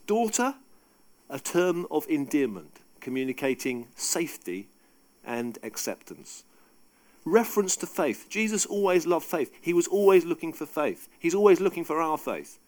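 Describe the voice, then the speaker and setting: Man, sermon, lively swooping delivery, slightly raised pitch, conversational and emphatic. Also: moderate pace. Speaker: preacher.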